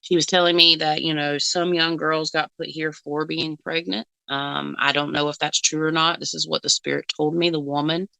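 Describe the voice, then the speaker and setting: Woman rambling in casual chat, lots of um and like, giggly, smooth clear voice, dry close sound. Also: low voice, little pitch movement, normal speed, hardly any pauses, sharp tone, no echo, poor audio. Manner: giggly, rambling, many fillers and restarts. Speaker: psychic co-host.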